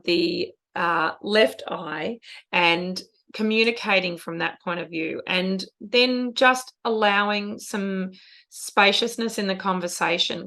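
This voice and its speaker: A middle-aged woman co-hosting a podcast speaks in a low-ish, creaky voice with a bright, forceful tone. In a casual, reflective chat, she talks earnestly and emotionally about parenting and feelings, using spiritual wording.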